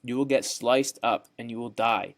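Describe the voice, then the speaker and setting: Southern guy walking thru charts on a screen share, keeps saying right?, kinda folksy, normal pitch. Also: moderate pace. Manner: repetitive, folksy, says "right?" often. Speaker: trading course instructor. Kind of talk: screen-share tutorial narration.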